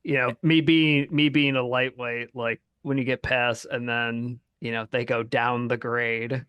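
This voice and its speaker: A man's voice: medium pitch, flat delivery, measured pace, clean tone, no room sound, highs cut off. A man co-hosting a podcast in casual chat, joking and self-deprecating about his own efforts. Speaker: podcast co-host.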